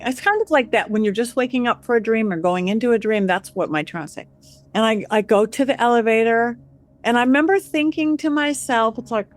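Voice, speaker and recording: A woman telling a story as a guest, acting out the quoted voices with lively changes. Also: mid-range voice. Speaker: guest psychic medium. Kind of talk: animated storytelling.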